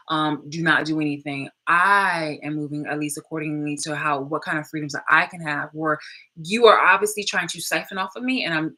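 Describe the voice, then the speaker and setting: A woman with a lowish voice that comes out bright and forceful, ranting angrily straight to her viewers. She curses freely, stumbles over fillers and restarts her sentences as she presses her points. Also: low-quality recording. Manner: angry, profane, with many fillers and restarts. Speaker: vlogger. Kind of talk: heated monologue rant.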